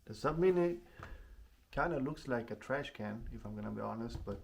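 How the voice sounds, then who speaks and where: A man's voice: medium pitch, animated, moderate pace, creaky, a little hiss or hum. A man doing a casual product unboxing at home in his apartment, speaking plainly and often restarting his phrases. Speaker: tech reviewer.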